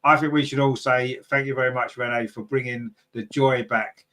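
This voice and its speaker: This is a man hosting a fan podcast, talking casually and reading out viewer comments. His voice sits at a middle pitch, and he rambles with plenty of fillers. He jumps up in pitch when he gets excited. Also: moderate pace. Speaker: podcast host.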